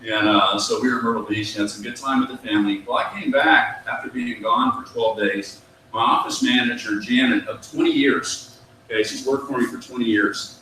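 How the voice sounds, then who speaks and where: A man in his fifties delivers a motivational business talk, telling stories and having the audience repeat phrases back to him. His voice is bright and forceful. It is picked up from across an echoey meeting room. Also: medium pitch, steady tone, fairly quick, slight background noise. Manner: storytelling, acts out dialogue, has audience repeat phrases. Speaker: business speaker. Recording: echoey room, mic at a distance.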